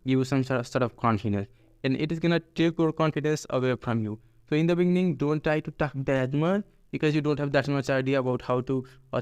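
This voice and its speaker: A man's voice: fairly high pitch, a little mellow, clean tone, dry recording. A man, a his first, giving a casual lesson to camera, full of fillers and restarts. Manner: hesitant, many fillers and restarts. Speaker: English tutor. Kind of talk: casual teaching talk to camera.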